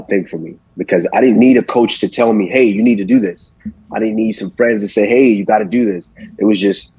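A man born in Nigeria and raised in Texas, a champion fighter guest answering interview questions in a relaxed way, often repeating words as he thinks. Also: fairly low pitch, slightly rough, dry recording, poor audio.

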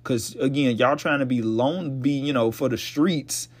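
Young man, podcast host, slightly hoarse, blunt and profane, preachy casual advice, middle-pitched voice. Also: measured pace.

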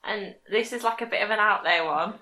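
A woman's voice: mid-range voice, brisk, bright, forceful tone. A woman co-hosting a casual podcast chat, giggly and self-deprecating. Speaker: podcast co-host. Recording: echoey room with background noise.

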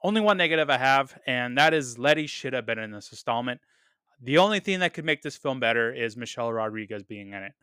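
A man talks through his favorite movie moments in a bright, crisp voice, eager and chatty, his words tumbling out with repeats and fillers. He often lets the ends of his sentences drop soft and low. The sound is dry and close, with no room around it. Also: expressive, fast, no room sound. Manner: enthusiastic, lots of fillers and repeats, trails off quietly. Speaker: podcast host reviewing films. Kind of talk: casual solo podcast commentary.

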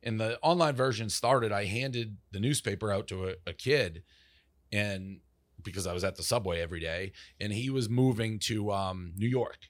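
A man's voice: fairly low pitch, moderate pace, dry recording, clean studio sound. A man, telling stories as an interview guest in a loose, profane way, acting out what people said to him. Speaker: interview guest, media founder. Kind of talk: casual interview storytelling.

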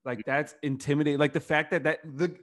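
A man's voice: fairly high pitch, steady tone, fast talker, a bit bright. A young man co-hosting a podcast, talking loosely with lots of fillers and swearing. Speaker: podcast co-host. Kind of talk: casual chat.

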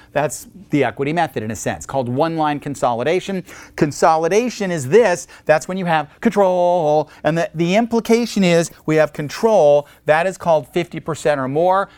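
A male instructor giving a recorded accounting lecture in a lively, joking way, acting out short phone calls to explain his points. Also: a little high, no echo. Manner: lively, jokey, acts out little phone calls.

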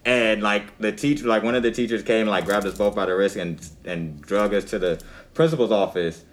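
A man with a low-pitched voice tells a story in casual podcast chat. He sounds laid-back and pads his sentences with "like" and "um.". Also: fairly quick, slight background noise. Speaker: podcast co-host.

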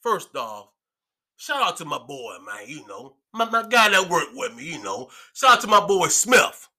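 A man's voice: on the high side, very animated, moderate pace, pushed and bright. A man chatting casually as a podcast guest, boisterous and profane, laughing often. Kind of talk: casual chat.

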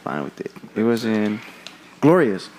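A man's voice: fairly low pitch, very animated, unhurried, crowd noise. A man telling a story casually among friends, laid-back and self-mocking.

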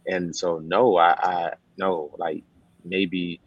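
Really low voiced guy, halting n candid, kinda muffled audio. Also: flat delivery, no room sound. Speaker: host. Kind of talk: casual discussion.

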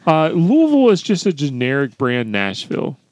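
A man's voice: on the high side, huge pitch swings, moderate pace, a little mellow, slight background noise. Man reading out hot takes. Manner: reads out statements, teasing. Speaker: podcast host reading prompts. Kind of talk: casual chat.

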